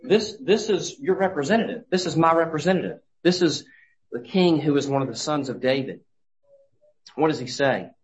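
A man's voice: on the high side, animated, poor audio. A man preaching a sermon in an earnest way, often restarting his phrases as he goes. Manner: earnest, halting with frequent restarts. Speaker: pastor.

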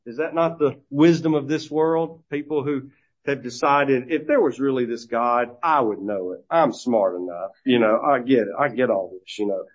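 A man's voice: medium pitch, normal speed. Earnest preacher man, lo-fi sound. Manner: earnest, many "uh" fillers and restarts. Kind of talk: sermon. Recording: dull lo-fi recording.

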